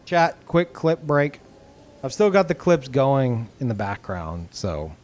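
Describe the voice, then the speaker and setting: A man's voice: mid-range voice, darkish tone. A man live-streaming a game, chatting casually with his viewers and laughing often.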